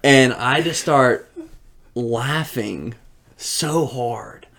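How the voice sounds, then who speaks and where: Young male podcast co-host, animated storyteller, mid-range voice, casual. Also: mid-range voice, extremely slow, vocal fry, a loud crowd. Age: young adult. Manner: animated, laughs through his own story.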